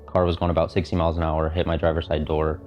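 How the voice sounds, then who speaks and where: A man of twenty telling his story in a documentary interview, halting and full of filler words. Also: very deep voice, monotone. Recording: dull lo-fi sound with music.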